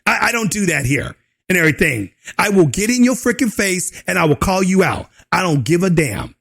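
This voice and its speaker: A man hosting his own channel, ranting loudly with mocking laughter and put-on imitations of opponents. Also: sits high, big pitch swings, a little fast, gravelly. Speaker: host. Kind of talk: opinion rant.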